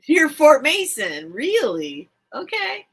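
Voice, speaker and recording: A woman's voice: high voice, huge pitch swings, takes it slowly, a bit bright. A woman hosting a live stream, chatting casually and emotionally with viewers, rambling and repeating herself. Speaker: live-stream seller and host.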